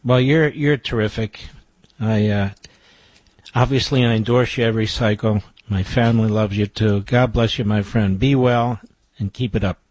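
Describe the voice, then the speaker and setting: A man's voice: fairly low pitch, fairly even intonation, normal speed, no echo. Emphatic man hosting talk radio. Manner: emphatic, salesy, swings between loud and mumbled asides. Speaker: radio talk show host. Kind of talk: talk radio chat and live-read ad. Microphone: studio microphone.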